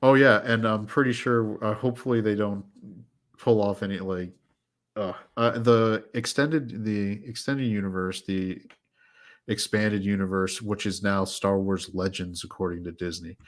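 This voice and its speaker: A man's voice: on the low side, steady tone, measured pace. A man hosting a casual podcast chat, rambling and sarcastic, laughing often as he talks. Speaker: podcast host.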